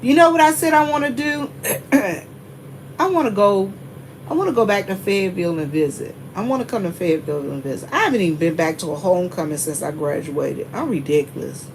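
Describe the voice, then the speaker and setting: A woman's voice: medium pitch, lively intonation, a little fast, a little hiss or hum. A woman hosting a casual livestream, chatting straight to her viewers and greeting them by name as they come in. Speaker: livestream host.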